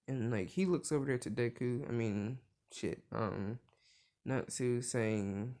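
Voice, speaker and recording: Slow, gravelly young man rambling. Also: medium pitch, darkish tone. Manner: rambling, full of "like" fillers, profane. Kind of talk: casual retelling of a cartoon crossover story.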